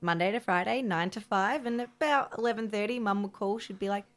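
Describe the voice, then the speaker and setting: A woman's voice: mid-range voice, a little fast. Chatty young woman. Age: 20s. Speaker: radio co-host. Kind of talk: casual chat.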